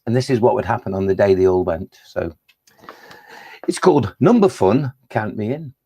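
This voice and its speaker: Gravelly, chatty man performing children's poems. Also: lowish voice, fast, warm tone. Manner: playful and chatty, with frequent restarts. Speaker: children's poet. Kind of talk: live online poetry session for schoolchildren.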